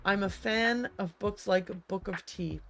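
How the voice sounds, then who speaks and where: Woman reading a male sailor in a video game, cheerful, middle pitch, faint background music. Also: measured pace, a bit bright. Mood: friendly. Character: male sailor customer asking for poetry. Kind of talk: reading game dialogue aloud.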